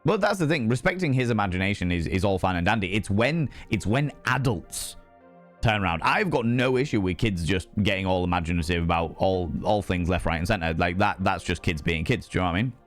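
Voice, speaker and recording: A young British man streaming, chatting casually with his audience in a rambling, animated way and reading out chat messages. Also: low voice, a little fast, soft background music. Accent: British English. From United Kingdom. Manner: rambling, animated, swears freely, reads chat aloud. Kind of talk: casual chat with chat while gaming.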